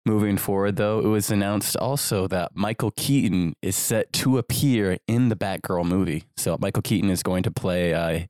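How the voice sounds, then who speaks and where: A man with a low voice hosts a relaxed podcast and leads it from one segment to the next. He keeps a steady flow with the odd filler. His voice sounds close and dry. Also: normal speed, few pauses, dry recording. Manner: steady, moves the show along with fillers. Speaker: podcast host. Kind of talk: casual chat, leading segments.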